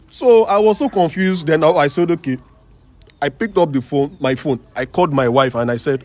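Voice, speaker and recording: A man appearing as a talk show guest tells his personal story emotionally, haltingly, and with repetition. His voice is on the high side with a darkish tone, and there's no room sound.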